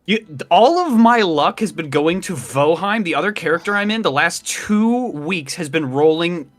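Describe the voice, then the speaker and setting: Excited man describing game moves. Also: high-pitched, normal speed. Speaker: player. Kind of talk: casual tabletop play.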